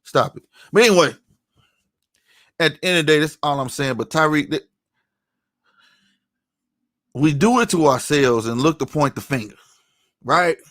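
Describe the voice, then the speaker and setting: A man's voice: on the high side, animated, normal speed, long pauses, a bit bright, no room sound, clean studio sound. A man giving a heated commentary rant, angry and profane, often tossing in "you know what I'm saying". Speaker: online commentator.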